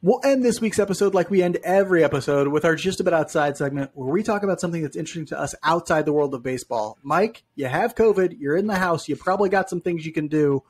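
A man's voice: a little high, lively intonation, fast talker, hardly any pauses, darkish tone, breathy edge. A man co-hosting a sports podcast, chatting in a friendly, self-deprecating way. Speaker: podcast co-host. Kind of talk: casual sports chat.

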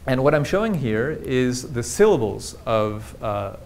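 A man's voice: medium pitch, big pitch swings, unhurried, darkish tone, a little hiss or hum. Man explaining a lecture with slides. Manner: explanatory, engaged, asks the audience rhetorical questions. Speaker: linguistics lecturer.

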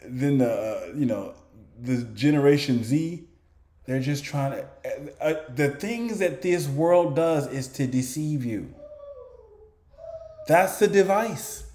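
A man's voice: fairly high pitch, expressive, slow pace, mellow, echoey room. A man giving informal bible teaching, asking rhetorical questions and answering them in a conversational way. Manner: conversational, with chuckles and restarts. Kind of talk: informal preaching to camera.

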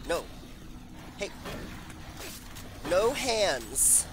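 A woman's voice: medium pitch, sing-song, measured pace, long pauses, over music. A woman giving casual let's-play commentary, joking and swearing as she talks to herself while playing. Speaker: gameplay commentator.

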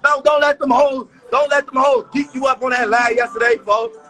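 A man with a Chicago accent in rowdy livestream banter, loud and often shouting in profane street slang. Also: very high voice, fairly even intonation, a little fast, over music, poor audio.

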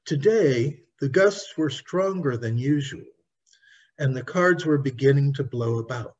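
Brief: male author narrating his own storybook, slow and husky, dull lo-fi recording. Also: medium pitch, animated, a little mellow. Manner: slow, careful reading aloud.

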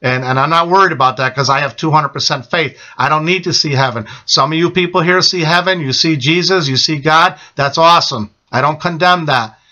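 A man's voice: fairly high pitch, fairly quick, hardly any pauses, sharp tone, highs cut off. A middle-aged man telling an emphatic personal testimony, often repeating "okay?" and addressing listeners as his friends. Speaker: testimony speaker.

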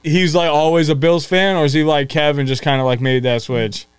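A man's voice: on the high side, steady tone, fairly quick, clean tone, dry recording. A young man with a Boston accent, chatting casually as a podcast guest, loose and full of fillers and swearing. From East Boston, USA. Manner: loose, swears a lot, fills with "like". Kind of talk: casual chat.

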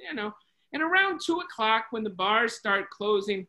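Bright, chatty storyteller on a video call. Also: medium pitch, normal speed, rough recording. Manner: lively, chatty retelling with many restarts and voices. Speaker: Bible study leader. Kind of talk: storytelling in a Bible study.

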